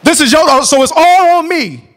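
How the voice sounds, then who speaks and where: A man teaching a church marriage class, preaching in an animated, colloquial way that bursts into shouts. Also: very high voice, moderate pace.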